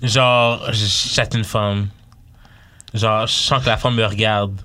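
A man's voice: fairly low pitch, steady tone, a little slow, pushed and bright. A man with a Quebec French accent chatting casually in a group, switching between French and English and repeating phrases for emphasis.

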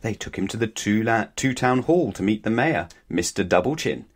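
A man with a voice a little low for a man reads a children's story at a normal speed, gentle, playful and unhurried. His intonation is lively, giving every line a friendly, easy lilt.

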